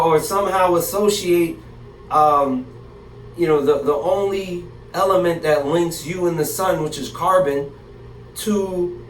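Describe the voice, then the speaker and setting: Animated slangy man teaching Bible verses. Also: a little high. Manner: slangy, animated, talks to the audience directly. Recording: echoey room, distant mic, faint hiss.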